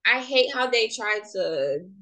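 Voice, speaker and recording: A young woman from Jamaica co-hosts a casual podcast chat. Her voice is bright and ringing, and her pitch swings widely as she talks. She is animated and often laughs mid-sentence. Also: slow. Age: young adult. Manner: animated, laughs while talking. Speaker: podcast co-host.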